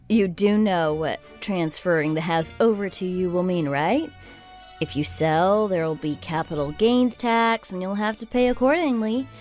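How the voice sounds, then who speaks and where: A woman voicing a level-headed young wife who narrates and argues calmly with her sister-in-law. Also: mid-range voice, close to an everyday voice. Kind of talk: texting-story voice acting.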